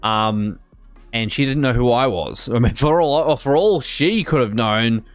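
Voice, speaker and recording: A man's voice: medium pitch, lively intonation, unhurried, no room sound. Australian man, casual streamer rant, rambling with fillers, faint music behind. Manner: rambling, many fillers and restarts, indignant.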